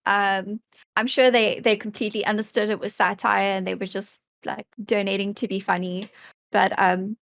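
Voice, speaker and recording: A woman's voice: mid-range voice, level tone, moderate pace, creaky, fairly bright tone, dry recording, studio quality. A woman appearing as a podcast guest, chatting in a laid-back and amused way. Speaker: streamer guest. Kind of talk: casual interview chat.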